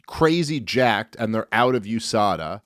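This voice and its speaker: A man's voice: lowish voice, expressive, a little slow, fairly bright tone, dry recording. A man co-hosting a podcast in casual chat, with a dry, sarcastic, teasing manner. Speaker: podcast co-host.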